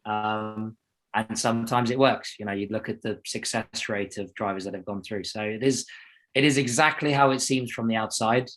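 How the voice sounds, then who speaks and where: A man's voice: on the low side, steady tone, normal speed, fairly bright tone. A young adult man from South Africa, a racing driver talking casually as an interview guest, rambling and self-deprecating with many restarts.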